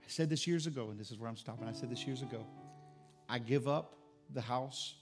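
A middle-aged man preaches a sermon to his congregation, his voice gravelly and worn at the edges. He drives his points home through loud, emphatic repetition, then drops low and quiet. Soft instrumental music plays faintly beneath him. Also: a little fast. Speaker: pastor. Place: church service.

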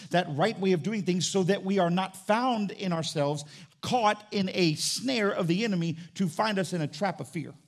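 A man preaching a sermon as pastor, building in intensity and acting out back-and-forth dialogue. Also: high-pitched.

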